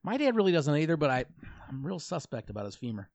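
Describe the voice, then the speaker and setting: A man co-hosting a podcast who keeps tossing off wisecracks in casual chat. His voice jumps all over the place in pitch and sits a bit high, heard close and dry. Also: big pitch swings, a little mellow, no echo. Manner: joking, quick with wisecracks. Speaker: podcast co-host.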